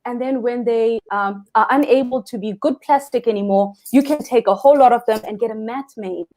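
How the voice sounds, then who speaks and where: A woman's voice: fairly high pitch, fairly quick. A young South African woman, a freediving instructor, talking earnestly and expressively as a guest in a live interview. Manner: earnest, expressive, speaks of the ocean lovingly.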